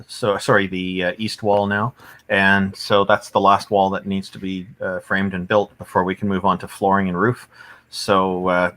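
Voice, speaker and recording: A man from Canada speaking haltingly with many fillers, a guest on a casual livestream chat over a video call. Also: deep voice, bright, forceful tone. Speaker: guest promoting atheism organization.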